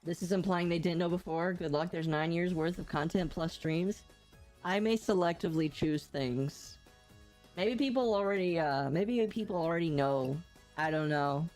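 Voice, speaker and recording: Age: unknown. Sex: woman. Role: podcast co-host. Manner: blunt, opinionated, lower-pitched. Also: moderate pace, darkish tone, faint music behind. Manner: blunt and opinionated, laughs often. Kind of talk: casual chat.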